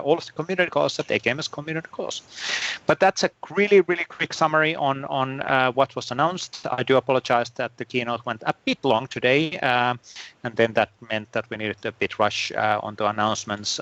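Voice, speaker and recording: Fast-talking man hosting a community call. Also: mid-range voice, fairly bright tone, dry recording, dull audio. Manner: rapid, full of fillers and repeated words. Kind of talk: live online community call recap. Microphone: computer microphone on a video call.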